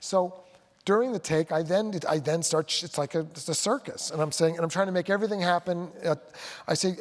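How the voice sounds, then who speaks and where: A man's voice: on the high side, brisk. Rambling man in an echoing hall. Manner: rambling, self-correcting, animated storytelling. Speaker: film director. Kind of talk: onstage conversation. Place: auditorium stage. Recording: long hall reverb.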